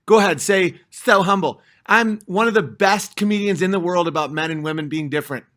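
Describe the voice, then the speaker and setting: A man's voice: high voice, fairly quick, fairly bright tone. A man in his thirties, a comedian hosting a livestream, telling rambling self-mocking stories and acting out other people's lines. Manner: chatty, self-mocking, acts out others' voices in quotes. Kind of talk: rambling comic storytelling.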